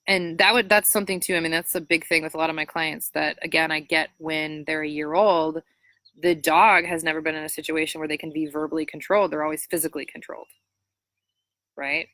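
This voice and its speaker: Low-pitched bright woman giving dog-training advice. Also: dry recording. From Minnesota. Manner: chatty, frequent fillers, animated high-pitched voice when quoting praise to dogs. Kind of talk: casual advice Q&A.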